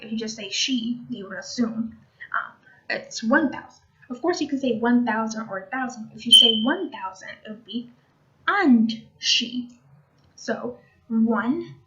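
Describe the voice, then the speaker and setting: A woman's voice: on the high side, fairly bright tone, lo-fi sound. A woman giving a casual spoken language lesson, patiently repeating each word and adding chatty asides. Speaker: language teacher.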